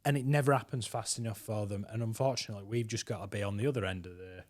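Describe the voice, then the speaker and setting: A man's voice: lowish voice, steady tone, fast, darkish tone. A man co-hosting a guitar school podcast, talking in a chatty, casual way and often repeating words as he starts a sentence. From West Yorkshire, England. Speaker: podcast co-host, guitar teacher.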